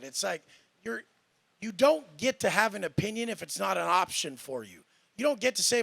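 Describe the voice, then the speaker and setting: A man's voice: high voice, vocal fry, a bit bright. A man in a heated panel debate, talking in a profane, boastful and combative way. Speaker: panel guest.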